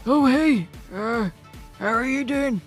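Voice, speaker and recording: A man voicing an elderly male Magikarp fish ferryman, slightly raspy and talking with his mouth hanging open. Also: extremely high pitch, slow pace, faint music behind, pitched above the performer's own voice. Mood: drawling. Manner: drawling, noncommittal.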